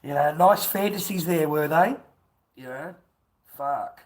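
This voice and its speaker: A man's voice: a little high, a little slow. A middle-aged man ranting crudely on a livestream, rambling, swearing and laughing. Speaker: livestream host. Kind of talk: ranting casual livestream chat.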